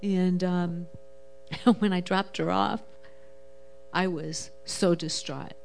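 Speaking slowly in a lowish, creaky voice with fairly even intonation, a middle-aged woman from a Jewish family shares her testimony as a guest. Faint music plays behind her casual, emotional, rambling story, in which she imitates the people she quotes.

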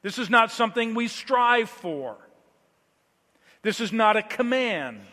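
A man preaching a sermon, moving between quiet, low passages and loud, emphatic declarations. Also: sing-song, slow, big-room sound.

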